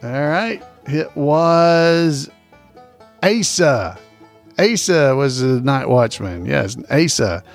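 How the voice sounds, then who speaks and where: A man's voice: a little high, expressive, very slow, soft background music. A man hosting a casual trivia podcast, repeating each question in a folksy, chuckling way. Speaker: trivia host.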